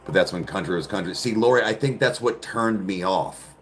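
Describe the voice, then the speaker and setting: A man's voice: on the low side, a little fast, soft background music. A man hosting a casual podcast chat, rambling in a crude, joking way and laughing often. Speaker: podcast host. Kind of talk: casual chat answering viewers.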